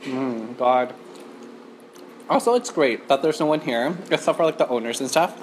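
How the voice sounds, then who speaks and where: A woman's voice: sits low, expressive, fast talker, a little mellow, slight background noise. A woman from Canada hosting a chatty mukbang eating show in an empty restaurant, talking to the camera with lots of "like" fillers. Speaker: mukbang host.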